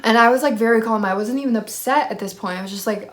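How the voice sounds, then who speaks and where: A woman's voice: fairly high pitch, quick pace, hardly any pauses. Young woman doing a storytime vlog, chatty, exasperated, lots of "like"s. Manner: chatty, filler-heavy, exasperated retelling. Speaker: YouTuber telling a story.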